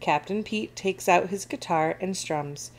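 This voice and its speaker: A woman reading a children's picture book aloud in an expressive, animated way. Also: fairly low pitch, unhurried. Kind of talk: storybook read-aloud.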